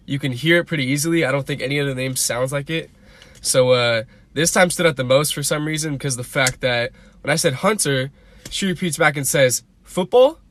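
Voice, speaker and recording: A man casually telling a funny anecdote to camera in an incredulous, animated way. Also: medium pitch.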